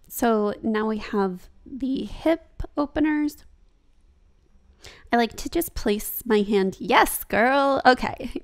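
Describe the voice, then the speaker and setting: A woman's voice: mid-range voice, a little mellow. A young woman talking casually over her own yoga practice as a vlogger, chatty and laughing at herself.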